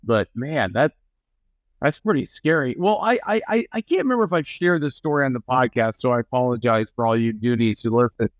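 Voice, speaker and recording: A young man chats on a podcast and rambles as he tells his story. His voice sits at an ordinary pitch, and the recording is dry and close. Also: lively intonation, fairly quick, no echo. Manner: rambling, with many restarts and fillers. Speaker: podcast co-host. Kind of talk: casual chat.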